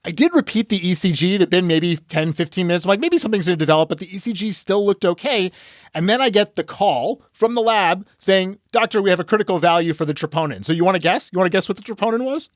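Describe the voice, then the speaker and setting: Man, emergency physician, case storytelling, acts out dialogue, high-pitched, dry sound. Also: lively intonation, fast, no room sound. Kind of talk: case discussion podcast.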